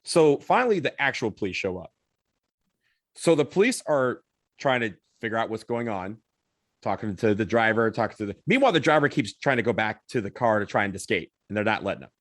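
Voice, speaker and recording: Animated male podcast co-host telling a story. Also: on the low side, fairly quick, no echo, clean studio sound. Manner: animated, swears, acts out others' lines. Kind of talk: casual storytelling.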